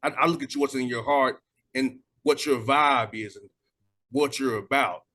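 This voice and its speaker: Male talk-show host, earnest and reflective, average pitch. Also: moderate pace, fairly bright tone. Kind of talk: interview, casual conversation.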